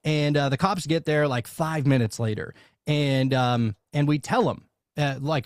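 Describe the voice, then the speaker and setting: Man, from louisiana, slightly high voice, casual storytelling, swears freely, lots of fillers, dry close mic. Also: normal speed, dry recording. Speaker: podcast guest.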